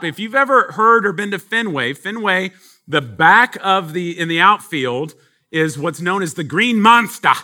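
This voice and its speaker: A man's voice: a little high, sharp tone. A man from Texas, a pastor, telling a story in a sermon, chatty with many fillers.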